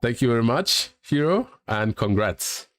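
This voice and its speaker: A man hosting a casual game quiz on a live stream, brisk and laughing between questions. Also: medium pitch, big pitch swings.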